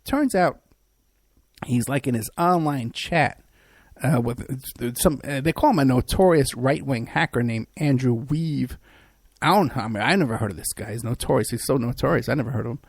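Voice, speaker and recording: A man's voice: mid-range voice, lively intonation, normal speed, creaky, husky, dry recording. A man hosting a podcast who also works as a private investigator. He talks in a rambling, sarcastic way, with many fillers and restarts. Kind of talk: casual mocking commentary.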